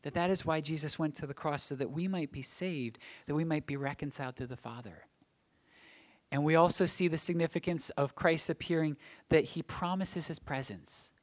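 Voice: medium pitch, normal speed. A pastor preaching a Sunday sermon, explaining scripture and building to emphatic, rising phrases at key points.

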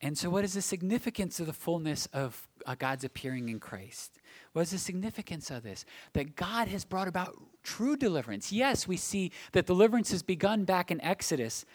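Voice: medium pitch, animated, fairly quick, a little mellow. A pastor preaching a Sunday sermon, explaining scripture and building to emphatic, rising phrases at key points.

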